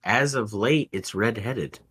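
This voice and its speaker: A man with a very low voice chats casually on a podcast, wandering from one thought to the next. His humor is wry and dry. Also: slow pace, fairly bright tone, husky. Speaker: podcast co-host. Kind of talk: casual chat while tasting beer.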